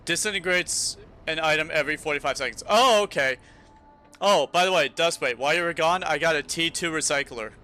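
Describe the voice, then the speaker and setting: A man's voice: on the high side, a little fast, sharp tone. A young man streaming a game, chatting casually and telling a long story with frequent restarts. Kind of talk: casual chat while gaming.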